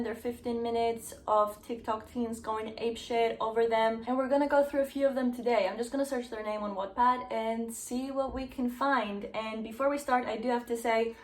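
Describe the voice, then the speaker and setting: A woman's voice: a little high, echoey room. Sarcastic, swearing young woman. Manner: sarcastic, profane, laughing. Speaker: YouTuber. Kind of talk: comedic fanfiction reading.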